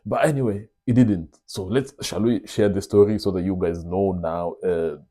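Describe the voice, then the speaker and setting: A young man tells a story to his audience in an animated, confiding way, calling them brothers. His voice is low and dark, with a husky edge. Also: normal speed. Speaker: vlog host. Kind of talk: casual storytelling monologue.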